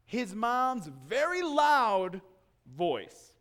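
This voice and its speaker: A male pastor giving a sermon in church, telling a personal story in an animated way and acting out the scenes. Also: high voice, drawn-out words, background noise.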